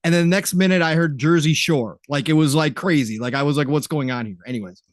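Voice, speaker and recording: A male podcast host in animated, profane casual chat, reading viewer comments. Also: on the high side. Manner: animated, profane, quick to laugh.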